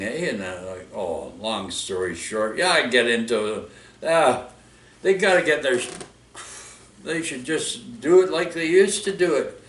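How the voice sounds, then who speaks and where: A man with a Canadian accent rants casually in a middle-pitched voice, rambling and restarting his thoughts. He is recorded from a distance in an echoey room. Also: fairly bright tone. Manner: rambling, full of fillers and restarts, says "friggin'" and "eh". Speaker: vlogger. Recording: echoey room, mic far off.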